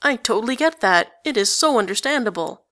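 A woman's voice: on the high side, animated, a little fast, sharp tone, pitched above the performer's own voice. A woman voicing a wry, anxious teenage boy who deflects with sardonic remarks in a storybook reading. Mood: forced breezy.

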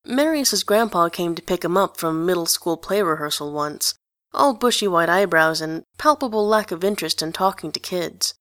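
A woman narrating a storybook reading at a measured, even pace. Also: fairly low pitch, dry recording, clean studio sound. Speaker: audiobook reader.

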